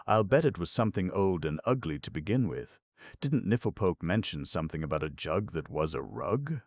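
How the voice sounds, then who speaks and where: A man voicing a young goat girl from a storybook, brisk, excitable and bossy. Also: sits low, creaky, no echo, clean studio sound, voice pushed up, heavily acted. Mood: curious. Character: brave young goat girl with seven hands.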